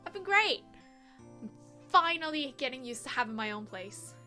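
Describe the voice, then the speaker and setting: A woman's voice: high voice, very animated, normal speed, pushed and bright, soft background music, exaggerated voice. A woman reading a playful younger sister. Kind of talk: reading game dialogue aloud.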